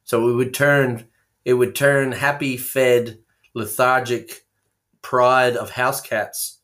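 A man in a loose, jokey conversation, wandering from one silly idea to the next with plenty of "uh"s and restarts. He talks at an ordinary middle pitch, and his voice comes through a remote call line. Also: little pitch movement, takes it slowly, a bit bright. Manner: rambling, playful, absurd tangents with frequent fillers. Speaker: co-host. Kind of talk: casual comedic chat.

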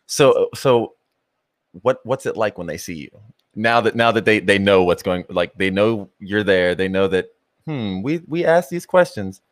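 A man's voice: on the low side, lively intonation, a little slow, dry recording, studio quality. A man hosting an interview, jumping in with questions and restarting his phrases. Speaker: host. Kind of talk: casual interview.

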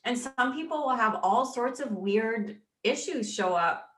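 A woman guest in an interview, speaking haltingly and choked up, with many restarts. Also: on the high side, lively intonation, a bit bright, echoey room. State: choked up with emotion. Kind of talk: emotional personal interview.

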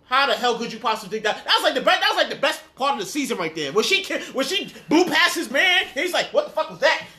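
Man, podcast co-host, high bright voice, fast, excitable, profane. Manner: excitable, profane, shouting, rambling. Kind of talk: casual podcast chat.

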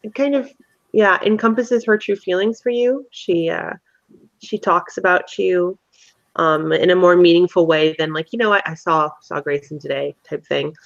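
A woman's voice: lowish voice, normal speed, creaky. A woman guides a tabletop game as its game master, asking her players friendly questions and drawing out their characters. Her voice comes through a dull, lo-fi recording. The room adds no echo.

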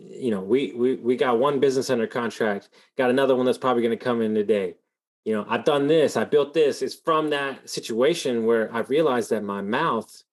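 A man hosting a podcast and telling a long, rambling story in a casual way, full of fillers. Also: medium pitch. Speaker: podcast host. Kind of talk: conversational storytelling.

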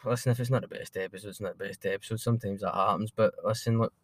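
A man's voice: on the low side, fairly even intonation, very fast, no echo. A Scottish man co-hosting a casual football podcast, swearing constantly and ranting in exasperation. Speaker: podcast co-host.

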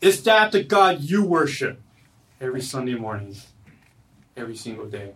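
A man preaching a sermon at a church service, earnest, swinging from loud emphatic lines to low quiet ones. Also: big pitch swings, moderate pace, far from the mic, poor audio. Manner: earnest, rises loud then drops low and soft. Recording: voice from away from the mic.

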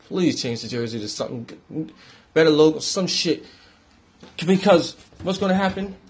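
A young man from New York rants casually and profanely, shifting between loud outbursts and low mutters. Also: animated, normal speed. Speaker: independent musician giving sports opinions. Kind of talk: casual ranting monologue.

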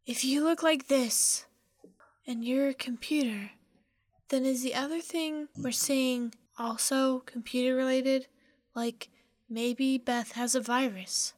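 A woman's voice: high-pitched, steady tone, slow pace. A woman playing a tabletop game, eager and whimsical in her in-character ideas. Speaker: player.

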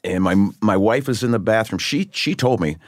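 An older man from Michigan, a guest musician, telling stories in an interview with animated, lively delivery. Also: on the low side, normal speed, no echo, studio quality. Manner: animated storyteller, acts out voices in his anecdotes. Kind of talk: interview storytelling.

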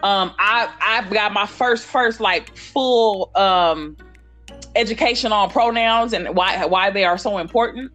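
A woman's voice: mid-range voice, a little slow, soft background music. Woman, community organizer, candid, cursing, casual talk. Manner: candid, animated storytelling with frequent cursing. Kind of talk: casual conversation.

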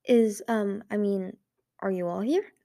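A woman's voice: mid-range voice, a little slow, vocal fry, mellow, no room sound, studio quality. A woman voicing a dangerous, lonely young female dragon in an audiobook reading, blunt and a little bitter.

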